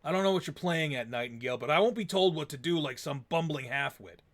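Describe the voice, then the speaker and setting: A man voicing a gruff, rude man who is curt and dismissive. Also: fairly high pitch, expressive, fast, fairly bright tone. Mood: hostile.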